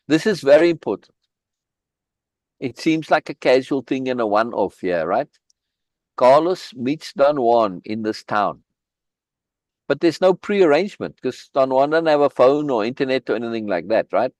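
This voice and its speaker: A man leads a live reading over a video call, commenting on the text. His pitch sits in the middle range. He speaks emphatically, restarts phrases and repeats words for stress, and the sound is dry and close with no room echo. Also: expressive, normal speed, darkish tone. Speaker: reading group leader.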